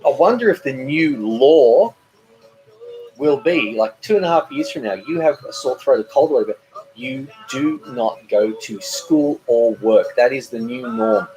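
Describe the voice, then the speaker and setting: A man's voice: medium pitch, animated, a little slow, warm tone, soft background music, low-quality recording. A middle-aged man hosting a casual live stream from home, reading viewer comments aloud, rambling and stumbling over repeated words. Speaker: cooking channel host.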